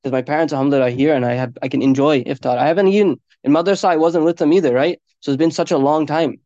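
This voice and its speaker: A man's voice: on the high side, rapid-fire, mellow, dry recording. A man preaching an informal sermon, earnest and conversational, sprinkling his talk with Arabic religious phrases. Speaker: Islamic preacher. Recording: dull lo-fi dry recording.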